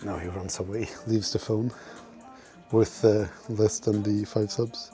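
Slow-talking, profane gym streamer man. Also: lowish voice, fairly even intonation, mellow, soft background music. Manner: profane, self-mocking banter with chat. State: out of breath at times. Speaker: livestreamer. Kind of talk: casual livestream chat while working out.

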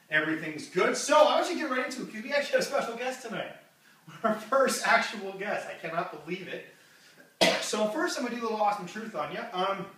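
Rambly guy hosting a goofy comedy show, bright voice, echoey room from far off. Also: sits high. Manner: rambling, loses his train of thought, jokey.

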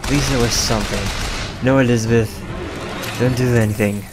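A man's voice: mid-range voice, steady tone, brisk, music in the background. A young man casually commenting on a video game he is playing, rambling, profane and sarcastic. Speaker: gameplay commentator. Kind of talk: casual let's play commentary.

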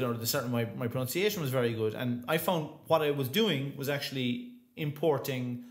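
A man's voice: medium pitch, a little fast. An Irish man, an opera singer, chatting in an interview, with many restarts and fillers. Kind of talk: casual interview chat. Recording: roomy echo.

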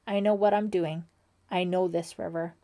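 A woman voicing a teenage boy camp counselor who talks in a slow, remote, menacing way in a storybook reading. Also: fairly low pitch, fairly even intonation, mellow, close to an everyday voice. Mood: casual. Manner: slow, remote, strange-sounding.

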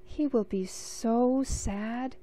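A woman's voice: on the high side, drawn-out words, mellow. A woman doing an earnest young girl. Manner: earnest, exclaiming. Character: spirited young girl, caring for her brother.

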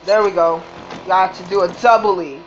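A woman doing game commentary, swearing often and reacting loudly to the race. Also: on the low side, measured pace, a little hiss or hum. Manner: profane, excitable, swearing at the game. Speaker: gamer. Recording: dull lo-fi recording with game music.

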